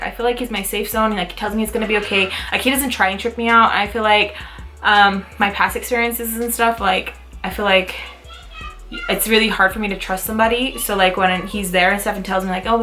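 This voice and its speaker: A young adult woman vlogger telling a casual storytime, talking in quick bursts full of "like" and acting out what people said. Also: mid-range voice, faint music behind. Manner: animated, full of "like" fillers, acts out quotes. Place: Utah, United States.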